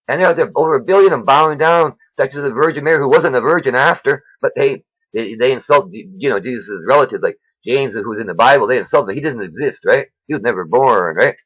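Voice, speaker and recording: Man, self-made video preacher, rambling and preachy, quick husky delivery, dry dull recording. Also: medium pitch, fairly bright tone, dry recording. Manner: rambling, preachy, says "man" and "right?" a lot. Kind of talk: informal religious monologue. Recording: dull lo-fi sound.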